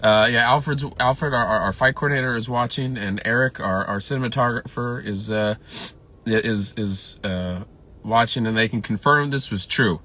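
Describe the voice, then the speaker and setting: His voice sits at medium pitch, pushed and bright, moving at a moderate pace. A filmmaker in a casual livestream, he tells rambling, sometimes emotional stories about a late colleague, stumbling through fillers and restarts.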